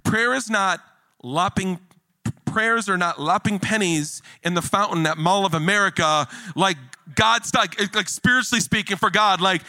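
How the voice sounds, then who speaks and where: Male pastor with a high, bright voice, animated jokey sermon delivery, dry close sound. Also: normal speed, no room sound. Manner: animated, jokey preaching with rising emphasis.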